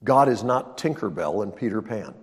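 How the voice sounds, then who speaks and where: A man's voice: lowish voice, lively intonation, normal speed, husky. Emphatic male pastor in a reverberant hall. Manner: emphatic, repeats key lines for effect. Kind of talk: sermon.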